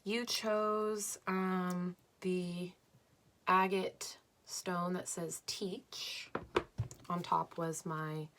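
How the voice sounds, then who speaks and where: A young woman reading tarot cards for her viewers at home, slow and dreamy but enthusiastic, with lots of "like"s. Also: on the low side, level tone, fairly bright tone, slight background noise. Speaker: tarot card reader. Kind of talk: pick-a-card tarot reading.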